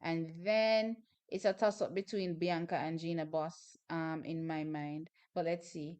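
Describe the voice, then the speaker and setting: A Jamaican woman hosting a live watch-party stream, chatting through the races and bursting into excited shouts and laughter. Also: deep voice, unhurried, clear, resonant tone.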